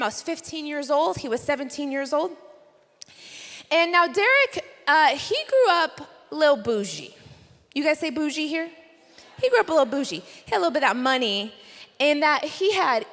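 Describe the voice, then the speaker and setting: A young woman with a high, slightly bright voice preaches a sermon at a conference, telling a personal story playfully and chattily with asides to the crowd. The large conference hall makes it reverberant.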